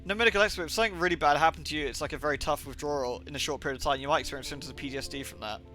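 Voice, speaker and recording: A man's voice: on the high side, very fast, sharp tone, faint music behind. A young man from England rambling and swearing on a livestream, with lots of filler words. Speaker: streamer. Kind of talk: livestream gaming chat.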